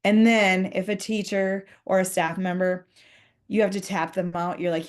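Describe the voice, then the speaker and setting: A woman's voice: medium pitch, normal speed. A woman giving a conversational professional development talk to school leaders, earnest, acting out short example dialogues.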